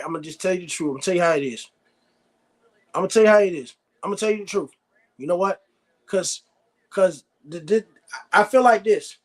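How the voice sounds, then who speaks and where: A man hosting a live sports reaction stream, ranting bluntly and repeating himself. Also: high-pitched. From United States. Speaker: sports show host.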